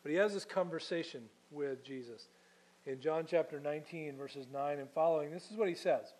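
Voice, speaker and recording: A man's voice: on the high side, fairly quick, a little mellow, rough recording. A man preaching a sermon as pastor, teaching in a conversational way and putting questions to his congregation.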